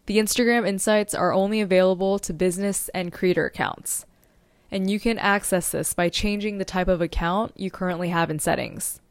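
A young adult woman with a lowish voice hosts a solo podcast as a social media strategist, sounding upbeat and informative. She stumbles over her words now and then, and there's no room sound in the recording.

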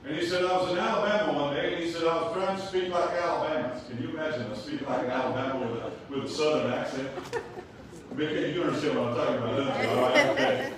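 A man's voice: a little high, fast talker, a crowd in the background. An older man from South Africa with a South African accent, preaching a sermon full of rhetorical questions and humorous asides. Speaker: pastor. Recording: echoey hall, voice from a distance.

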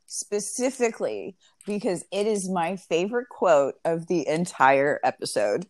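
A woman's voice: fairly low pitch, very animated, unhurried, darkish tone, no room sound. A woman co-hosting a podcast, adding brief dry remarks in casual chat. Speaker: podcast co-host.

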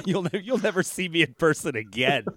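A man with a slightly high voice rambles through stories, laughing as he goes. He is a comedian chatting casually over a video call. The sound is dry, with no room echo at all. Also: very animated, moderate pace, fairly bright tone. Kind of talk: casual storytelling chat. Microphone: remote video call.

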